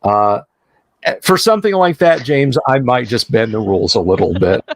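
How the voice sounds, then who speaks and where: A man hosting a tabletop game livestream, chatting casually and halting with many restarts. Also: medium pitch, expressive, no room sound. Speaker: game master and host.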